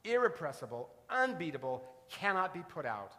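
A man's voice: a little high, big pitch swings, moderate pace, sharp tone. A man preaching a sermon as pastor, telling stories with shifting emphasis. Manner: storytelling preacher, varied emphasis. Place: church sanctuary. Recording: reverberant church sanctuary.

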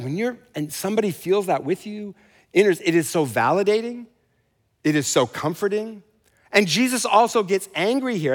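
A middle-aged man preaching with a lively, swooping voice that sits a bit high. He drops into playful asides and mock voices. His words ring out with a long reverb in a large church hall. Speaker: pastor. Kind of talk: sermon.

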